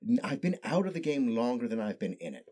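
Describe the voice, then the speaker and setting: Precise-spoken man, mellow low voice. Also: big pitch swings, quick pace, breathy edge. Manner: precise, carefully placed speech with no regional accent. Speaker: podcast guest, improv actor. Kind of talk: casual storytelling chat.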